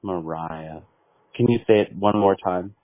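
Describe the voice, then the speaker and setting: A man making a prank phone call, talking slowly in a mystical, deadpan way that breaks into angry swearing. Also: sits low, no echo. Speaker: prank caller. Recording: tinny phone line.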